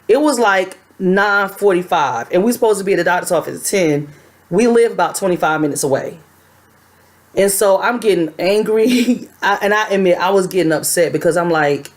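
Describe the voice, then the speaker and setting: Chatty woman vlogger, low-ish voice. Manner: chatty, animated storytelling with many restarts. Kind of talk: casual storytelling to camera.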